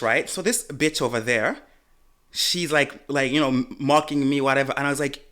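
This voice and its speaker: A young man co-hosts a casual podcast, pitched in the middle range for a man. He tells his story with animated energy and a lot of profanity. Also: normal speed. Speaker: podcast co-host.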